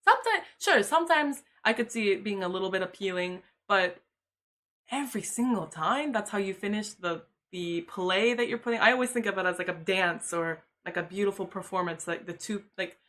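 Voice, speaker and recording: A woman's voice: medium pitch, fairly quick, a bit bright. A young woman livestreaming, talking candidly and casually, laughing often and swearing freely.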